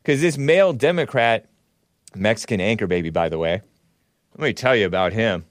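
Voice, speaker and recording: A man hosting a talk show, giving casual political commentary in a mocking tone with laughing asides and sudden jumps in pitch. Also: animated, fairly quick, no room sound, studio quality.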